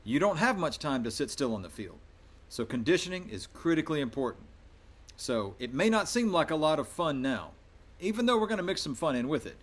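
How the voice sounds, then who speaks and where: A man's voice: fairly high pitch, sing-song, fairly quick. A man speaking as a middle school soccer coach, giving a firm, emphatic welcome talk to his players.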